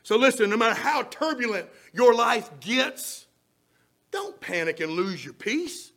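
A man preaching a sermon, swinging between shouted emphasis and soft near-whispers. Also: extremely high pitch, big pitch swings, measured pace. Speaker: pastor.

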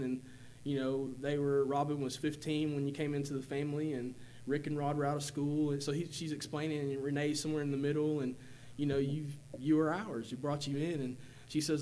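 A man in his forties giving a personal testimony in church, speaking haltingly with many fillers and restarts. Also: fairly high pitch, level tone, a little mellow, a little hiss or hum. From Tennessee, USA. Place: church sanctuary.

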